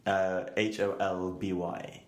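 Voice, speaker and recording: A man with an English accent co-hosts a podcast, chatting casually and explaining stories at length. His low voice comes across flat and slow, in an echoey room.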